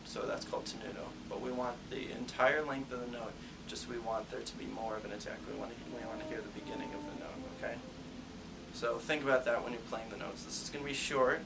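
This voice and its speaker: A young male teacher runs a school band rehearsal, walking students through musical terms in an encouraging way. His voice has a gravelly edge. It is picked up from a distance, with clear room noise behind him. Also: medium pitch. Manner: encouraging, explains step by step. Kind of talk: classroom instruction.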